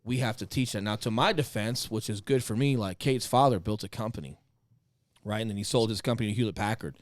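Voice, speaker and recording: A former Marine, now a podcast guest, telling stories in casual, profane, emphatic chat. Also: male voice, on the low side, fast, no echo.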